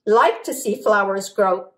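A woman's voice: mid-range voice, expressive, a little slow, fairly bright tone, pitched below the performer's own voice. A woman reading the lines of a grumpy little girl who complains about the rain, in a children's storybook. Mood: cheerful.

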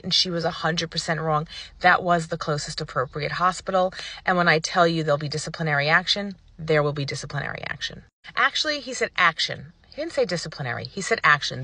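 A woman vlogger telling a personal story to the camera in a casual, animated and indignant way, acting out what people said. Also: fairly low pitch, dry recording. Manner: animated, indignant retelling with acted-out quotes.

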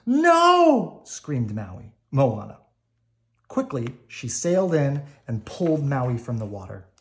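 Male storybook reader, slow and calm, mid-pitched, for bedtime read-alouds. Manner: calm, measured reading.

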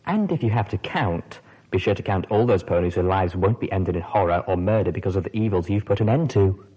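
A man reading the part of an adult female pony radio host, gentle and playfully teasing, with a lively, husky tone. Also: low-pitched, a little fast, highs cut off. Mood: tender.

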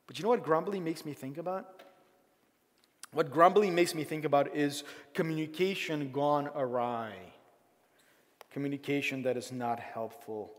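A male pastor preaching a conversational, animated sermon, often acting out the voices of grumbling people. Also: fairly high pitch, normal speed. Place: church sanctuary. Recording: long hall reverb.

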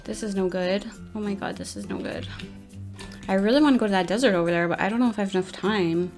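Young female gaming YouTuber, casual commentary, mid-pitched, self-deprecating, stressed by the timer; light music in the background. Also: big pitch swings, quick pace, darkish tone. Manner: chatty, self-mocking, flustered under time pressure.

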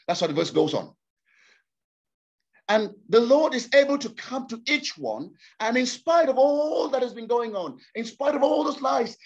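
A man preaching a sermon to a congregation, impassioned and repeating words for emphasis. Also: high voice. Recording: slightly dull lo-fi sound.

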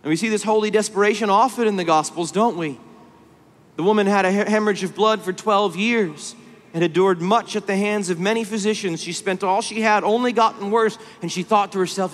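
A man preaching a sermon at a conference, impassioned, moving between hushed low passages and rising pleas. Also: a little fast. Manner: impassioned, swings from hushed to pleading. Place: large conference hall. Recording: long hall reverb.

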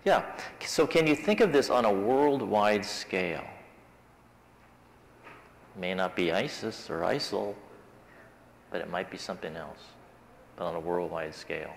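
In a church classroom, a man leads his Sabbath School Bible class, talking things through with the group in a casual, conversational way. His low, gravelly voice is expressive, measured in pace, and broken by frequent pauses. The recording has the reverb of a church hall and slight background noise.

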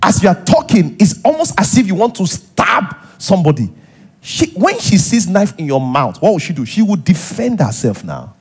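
A man's voice: high voice, big pitch swings, normal speed, slightly rough, faint music behind. A man with a Nigerian accent, a pastor preaching a sermon in a church, acting out little scenes and repeating points for emphasis. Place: church hall.

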